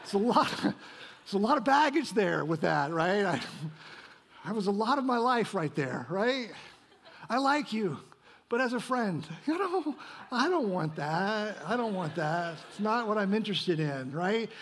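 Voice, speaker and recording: A man's voice: high-pitched, expressive, normal speed, a bit bright, a little hiss or hum. A male pastor delivering a sermon, asking rhetorical questions and tagging points with "right?". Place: church sanctuary.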